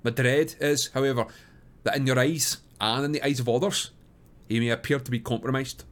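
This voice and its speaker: A man's voice: mid-range voice, fairly even intonation, brisk, close to an everyday voice. A man reading aloud, voicing an anxious, formal middle-aged landlady. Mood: agitated. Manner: agitated, formal.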